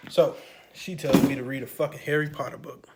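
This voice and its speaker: A man telling a profane, animated story from his childhood to camera, with sudden loud outbursts. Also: medium pitch, brisk, very noisy. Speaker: channel host. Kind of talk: storytime monologue.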